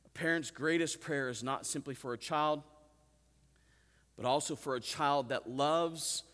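A man's voice: fairly high pitch, a little slow, a bit bright, in a large hall. A man preaching a sermon, earnest and calling out "Amen?" to the congregation, with amused asides. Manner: calls out "Amen?" and asks the congregation questions. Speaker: pastor. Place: church sanctuary.

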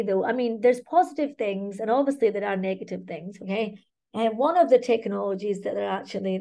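A woman's voice: medium pitch, vocal fry, darkish tone. A woman with a Scottish accent presenting a teacher webinar in a chatty way, often checking in with "okay?" and "right?".

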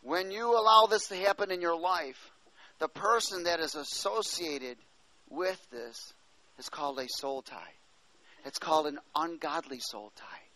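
A man's voice: on the high side, a little slow, bright, forceful tone, poor audio. A male preacher giving a sermon, reading scripture aloud, explaining it, and calling out to the congregation for an "Amen.". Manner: calls out to the congregation, asking "Amen?".

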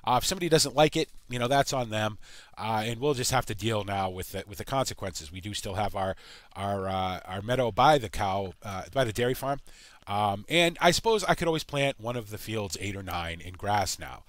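A man's voice: fairly low pitch, dry recording. Rambling American man narrating a farm game. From United States. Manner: halting, full of uh and you know. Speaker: gaming channel host. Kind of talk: rambling let's-play commentary.

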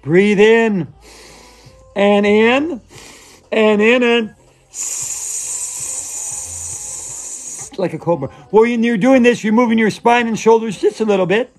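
This is a man voicing an over-earnest yoga instructor lady who gushes through her poses and mantras. Her voice sits high and drifts into breathy, drawn-out chanting. Soft music plays faintly behind her. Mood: dreamy. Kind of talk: comic yoga class sketch.

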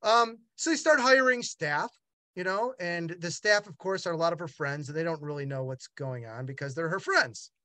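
A middle-aged man, a gallery owner, telling a personal story in an animated way with many halting restarts. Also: a little high, no echo. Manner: animated, acts out other voices in quotes. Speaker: gallery owner and art dealer.

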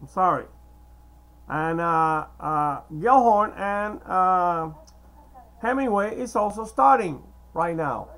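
A man whose first language is Spanish, talking in a hesitant, meandering monologue to camera with many filler pauses. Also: high-pitched, animated, a bit bright, poor audio. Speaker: video blogger. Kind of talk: casual rambling monologue to camera.

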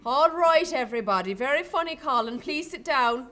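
A woman's voice: high-pitched, lively intonation, moderate pace, bright, forceful tone, pitched above the performer's own voice. A woman voicing a fussy, polite young male teacher with a put-on Irish accent. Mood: prim, teacherly. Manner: exaggerated put-on accent, theatrical.

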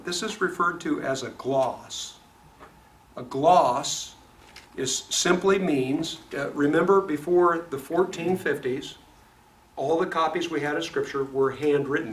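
A man with a Midwestern accent teaching a Bible study class, lively and often asking the class questions. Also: a little high. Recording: echoey classroom from far off, noisy.

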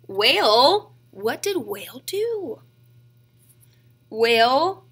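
A woman teaching a kindergarten reading lesson, sounding out letters slowly and clearly. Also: on the high side, animated, pushed and bright.

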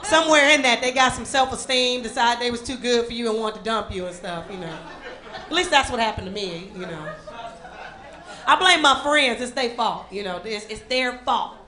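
A young woman from Chicago doing a sassy, animated stand-up set on a club stage, jumping into high quoted voices for the people in her jokes. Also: brisk. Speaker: stand-up comedian.

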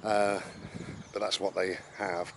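A man's voice: deep voice, little pitch movement, slow, background noise. A man, rambling bluntly and sarcastically in an opinion monologue while walking his dog outdoors, swearing casually. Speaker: vlogger.

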